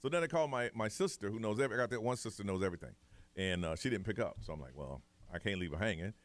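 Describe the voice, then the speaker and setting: A man's voice: on the low side, animated, rapid-fire, no echo. A man hosting a morning radio show, telling a family story in casual chat and acting out the voices of relatives.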